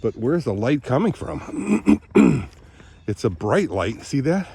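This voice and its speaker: An older man vlogs outdoors beside the woods on his phone camera, rambling as he thinks aloud in a casual morning vlog. His voice is medium-pitched, slow, mellow and sing-song, and he clears his throat often and sounds slightly out of breath.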